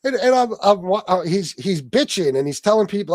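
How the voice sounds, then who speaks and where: A man hosting a loose, casual livestream, swearing freely and laughing through his own stories as he answers his chat. His voice sits a little high for a man and keeps lifting with amusement. The sound is dry and close, with no room around it. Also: sing-song, a little fast, no room sound. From Sicilian heritage. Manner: profane, laughing storyteller, reads chat aloud. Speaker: livestream host.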